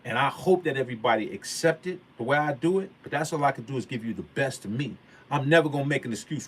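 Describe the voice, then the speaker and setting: A man's voice: mid-range voice, expressive, fast, hardly any pauses, husky. A man vlogging a motivational story in a casual, slangy way, stressing and repeating his points like a sermon. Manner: emphatic, preachy, repeats key points.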